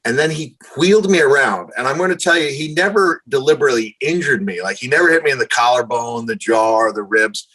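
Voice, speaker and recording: A man in his fifties, a podcast guest telling long stories with lively, self-deprecating humor. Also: medium pitch, a little fast, few pauses, breathy edge, rough recording. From New York, USA. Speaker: guest, retired wrestler. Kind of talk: storytelling in conversation.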